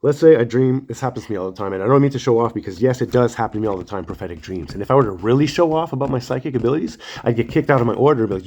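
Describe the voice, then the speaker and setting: A man in a casual rambling monologue, his voice a little husky and his words tumbling out quickly. He acts out the quoted lines and swears freely. He often apologizes and laughs at himself. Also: medium pitch, a little mellow.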